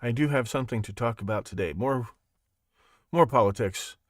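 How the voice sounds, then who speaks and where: Hosting his own show, a man delivers a rambling, sarcastic monologue and chuckles at his own humor. He speaks at a moderate pace in a mid-range voice, with clean studio sound and no echo.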